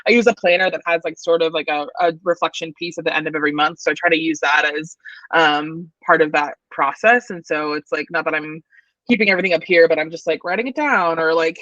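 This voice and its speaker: A woman with a Southern US accent chatting as a podcast guest, talking fast and loose with lots of fillers and laughs. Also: low-pitched, steady tone, a bit bright, no room sound, highs cut off. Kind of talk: casual podcast chat.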